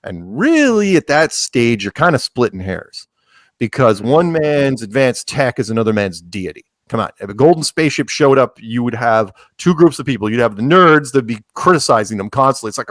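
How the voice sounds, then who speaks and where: A man guest on a podcast, talking casually in an animated, joking way, with quick asides and frequent restarts. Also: medium pitch, no echo, studio quality.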